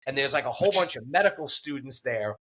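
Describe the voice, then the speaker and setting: A man's voice: medium pitch, expressive, quick pace, fairly bright tone. A man guest on a podcast, earnestly retelling a personal story with many fillers and restarts.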